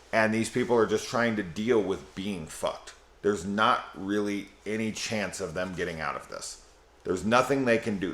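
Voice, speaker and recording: A man giving a casual spoiler review of a film, rambling, swearing and excited. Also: sits low. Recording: echoey room.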